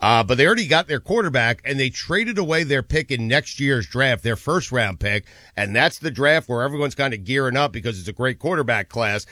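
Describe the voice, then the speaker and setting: A man hosting a sports talk show, emphatic and quick to laugh, agreeing often. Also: medium pitch, animated, sharp tone, no echo. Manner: emphatic, quick to laugh, peppers replies with "yes". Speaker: sports radio host.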